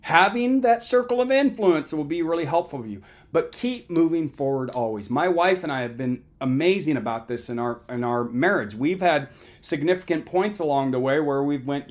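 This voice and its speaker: A man's voice: a little high, animated, brisk. A middle-aged man lecturing as a counselor, conversational and emphatic, often checking in with "right?". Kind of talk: motivational talk.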